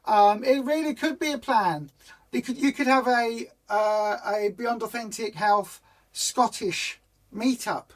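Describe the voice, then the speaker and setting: A woman's voice: on the high side, measured pace. A woman hosting a weight-loss group's live stream, chatting casually, reading out viewer comments and poking fun at her own bad puns. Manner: chatty and rambling, self-mocking about bad puns.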